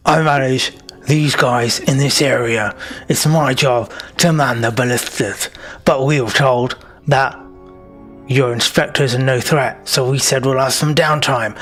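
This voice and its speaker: A man's voice: medium pitch, fairly bright tone. A British man voicing a dim male bugbear boss who talks about his job in a blunt, matter-of-fact way.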